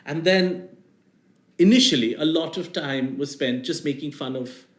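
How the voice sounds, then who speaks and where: A man's voice: a little high, measured pace. Posh indian english guy rambling about comedy, lots of you-knows, bit echoey room. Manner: rambling, self-mocking, lots of fillers. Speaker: comedian guest. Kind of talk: casual interview chat.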